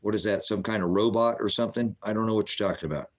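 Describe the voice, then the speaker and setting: A man's voice: fairly low pitch, very fast. A middle-aged man preaching bluntly on a livestream, answering viewers' chat questions in a combative, sermonizing way.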